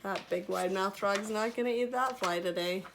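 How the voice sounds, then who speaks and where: A woman reading a picture book aloud to preschool children, animated and chatty. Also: medium pitch, moderate pace, noisy background. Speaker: preschool story reader.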